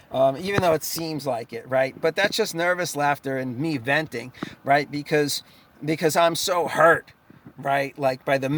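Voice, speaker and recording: A young man delivers a swearing, sarcastic monologue to the camera. His voice sits somewhat high for a man, and he breaks into short laughs as he vents. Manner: profane, sarcastic, laughs between lines. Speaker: chiropractor. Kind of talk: ranting vlog monologue.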